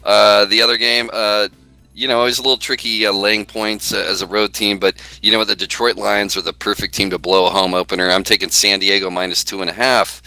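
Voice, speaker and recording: A man giving betting picks on a fan podcast, talking in a halting way with many fillers. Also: fairly low pitch, flat delivery, creaky, sharp tone, dry recording, poor audio. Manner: halting, lots of fillers and restarts. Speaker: podcast stats segment host. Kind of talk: casual podcast chat. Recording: dry with faint music.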